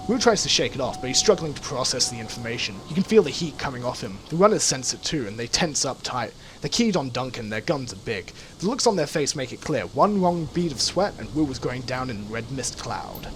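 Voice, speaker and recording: Lively man narrating a video game. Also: mid-range voice, a little fast, few pauses, a little hiss or hum. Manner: lively, self-interrupting, reacts aloud. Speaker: let's play host. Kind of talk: reading game text aloud and commenting. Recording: game music behind.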